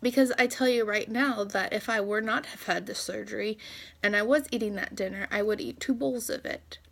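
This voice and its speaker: A woman's voice: mid-range voice, brisk, vocal fry, fairly bright tone. A woman in her thirties venting to her phone camera in a personal vlog, emotional, close to tears and laughing between words. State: close to tears, trying to hold it together. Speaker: vlogger.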